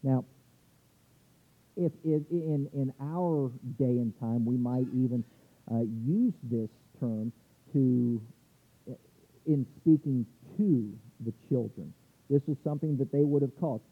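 Male pastor, husky voice, preaching a sermon over a tinny phone-like line. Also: medium pitch, takes it slowly. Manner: preaching with scripture readings and restarts.

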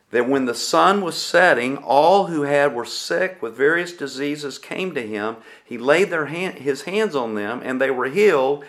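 A male pastor delivers a sermon at a very slow, measured pace in a mid-range voice. He pauses often and keeps putting rhetorical questions to his congregation. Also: medium pitch, fairly bright tone.

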